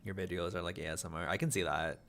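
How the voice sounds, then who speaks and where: A man streaming casually to his viewers, talking fast in rambling, run-on thoughts, sometimes stuttering, mumbling and repeating words. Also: deep voice, steady tone, gravelly, fairly bright tone, slight background noise.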